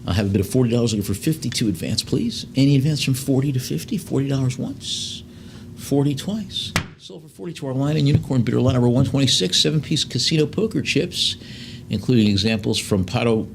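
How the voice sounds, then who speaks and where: A man working as an auctioneer in a live sale, reading out lot descriptions and then calling bids in quick runs. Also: mid-range voice, lively intonation, vocal fry, background noise. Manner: fast bid calls between slower lot descriptions, with fillers.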